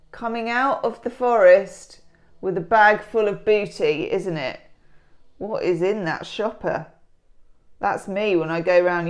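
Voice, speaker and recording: A middle-aged woman, rambling and joking with herself through a daily tarot reading in her home kitchen. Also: mid-range voice. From England. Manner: rambling, self-mocking, giggly asides. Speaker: tarot reader.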